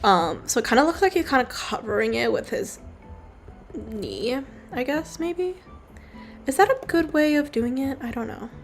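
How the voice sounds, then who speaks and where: Brief: young woman, slightly high voice, laid-back drawing commentary, soft music playing low behind her. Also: lively intonation, moderate pace. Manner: rambling, offhand, casually swearing. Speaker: digital artist streamer. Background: faint background music.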